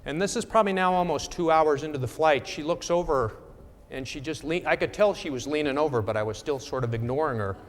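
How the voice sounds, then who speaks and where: A man's voice: on the high side, a little fast, long reverb tail. A middle-aged man presenting at a talk, telling a wry story in a conversational way with frequent check-ins to the audience.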